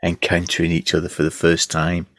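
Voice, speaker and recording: Male podcast co-host, very low voice, dry close sound, casual film talk. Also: monotone, brisk, a bit bright, no echo. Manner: reads review excerpts aloud, thoughtful.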